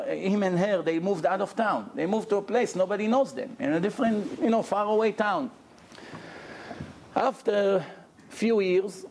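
Male rabbi lecturing, fairly high voice, animated storyteller, light room ambience. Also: slight background noise. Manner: animated, addresses the audience with questions. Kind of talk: storytelling sermon. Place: lecture room with audience, indoors.

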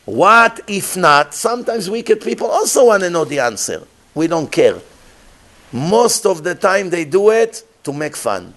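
Rabbi guy teaching torah, talks up high, punchy and animated, broken-ish english w hebrew bits. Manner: emphatic, animated, switches into Hebrew phrases; non-native English grammar. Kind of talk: Torah lecture with storytelling.

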